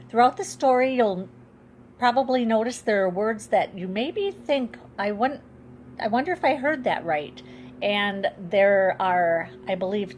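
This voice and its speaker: Woman, children's author, reading her book aloud, expressive storytelling, medium pitch, faint background noise. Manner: expressive storytelling, rising and slowing for emphasis.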